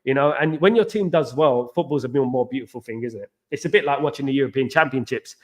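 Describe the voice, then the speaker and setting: An Englishman hosts a casual live stream, bantering with viewers in a lively, repetitive way and dropping slang shout-outs. He talks fast at a medium pitch.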